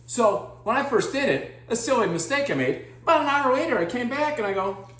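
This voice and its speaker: Woman as a dim, proud home-cook guy; lively pitch, echoey room. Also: fairly quick. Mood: goofy boastful. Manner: boastful, deadpan silly, jumpy loudness. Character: clueless goofy male home-cooking guy. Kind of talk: comedy sketch monologue.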